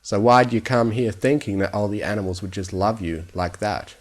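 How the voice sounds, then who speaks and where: A man voicing a kindly old male pony gardener who speaks calmly and gently, in a storybook reading. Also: fairly low pitch, normal speed, close to an everyday voice. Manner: calm, gentle, conversational.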